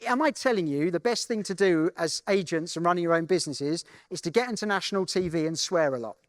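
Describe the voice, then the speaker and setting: A man's voice: sits high, animated, quick pace, no room sound, studio quality. A man giving a conference keynote, telling a story in a conversational way and often checking in with the audience. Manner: conversational, keeps checking in with "right?". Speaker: keynote speaker. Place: conference main stage.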